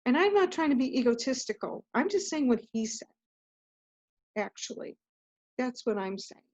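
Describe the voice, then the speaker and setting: A woman's voice: high-pitched, big pitch swings, normal speed, darkish tone, no echo. Earnest rambling woman, muffled lo-fi audio. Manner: earnest, rambling, breaks off and restarts. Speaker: guest author. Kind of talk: casual interview talk.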